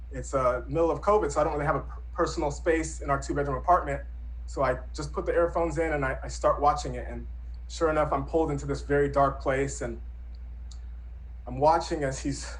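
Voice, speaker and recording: A man's voice: on the high side, rough recording. Earnest man telling a personal story. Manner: earnest, reflective, conversational with acted-out quotes. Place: Brooklyn.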